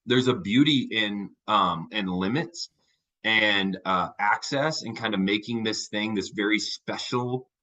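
A man co-hosting a casual podcast chat, talking in a thoughtful, measured way with frequent fillers and restarts. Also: lowish voice, pushed and bright, rough recording. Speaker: podcast co-host.

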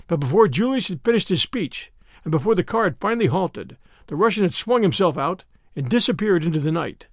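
A man narrating a novel aloud in a dramatic, expressive way. His voice sits high and moves in lively swings. The sound is close and dry, without room echo. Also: brisk. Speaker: audiobook narrator. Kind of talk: audiobook narration.

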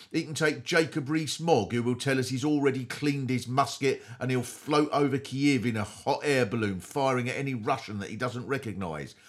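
A man's voice: medium pitch, a bit bright. A man hosting a podcast, delivering a satirical comedy monologue in a sardonic, mock-earnest way. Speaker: host.

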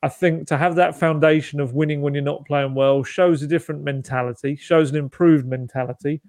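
A man's voice: on the high side, steady tone, a little fast, darkish tone, dry recording. A man co-hosting a football podcast, chatting casually with lots of restarts and asides. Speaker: podcast co-host.

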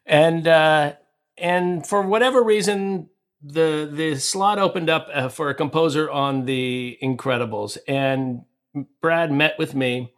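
Rambling, animated man telling a story. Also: a little high, takes it slowly. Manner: rambling with many restarts and fillers. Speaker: guest composer.

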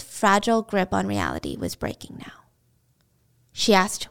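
A woman's voice: mid-range voice, wildly swooping pitch, normal speed, gravelly. A woman retelling a true-crime story in a casual, dramatic way, with chatty asides to the listener.

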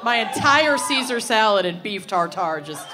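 A woman with a bouncy, lively voice tells rowdy stories to a live audience, cursing freely. A noisy crowd hums through the venue behind her. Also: medium pitch, moderate pace. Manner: brash, profane and animated. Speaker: podcast co-host. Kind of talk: live podcast banter. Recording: live room with crowd and noise.

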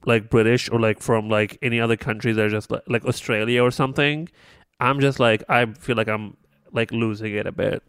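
Smooth-voiced man in lively chat. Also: mid-range voice, brisk, no echo, clean studio sound. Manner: animated, sarcastic, mimics voices in quotes. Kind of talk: casual chat.

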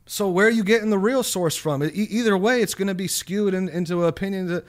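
A man's voice: high voice, quick pace. A man talking in a loose casual chat, rambling with many fillers and restarts, and swearing now and then.

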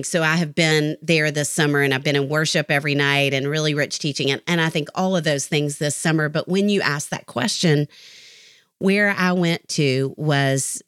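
A woman's voice: low-pitched, a bit bright, no echo, studio quality. A middle-aged woman therapist, a podcast guest, talking in an earnest, reflective way and telling stories. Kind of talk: podcast interview conversation.

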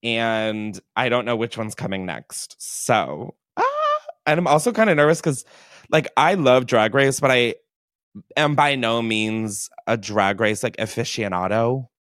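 A man's voice: medium pitch, wildly swooping pitch, a little slow, a bit bright, no echo. Man, podcast host, casual swearing chat, dry close sound. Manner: emotional, giggly, swears casually. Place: basement.

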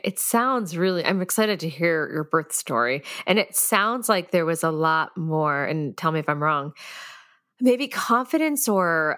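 A woman's voice: low-pitched, a bit bright, no room sound. Encouraging woman host, dry close sound. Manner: encouraging, affirming interjections. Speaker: podcast host. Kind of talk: casual interview conversation.

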